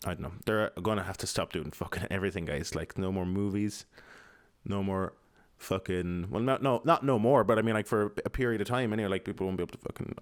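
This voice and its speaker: Low-voiced Irish guy rambling at home. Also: fast, no room sound, clean studio sound. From Ireland. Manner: mumbling, sweary, with many fillers. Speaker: podcast host. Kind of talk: casual rambling monologue. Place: home apartment.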